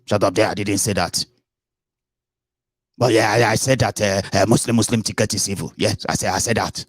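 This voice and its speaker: A man's voice: on the low side, a little fast, dry recording, studio quality, natural voice. A man putting on the voice of an angry, indignant male politician who repeats himself defensively. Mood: defensive blustering.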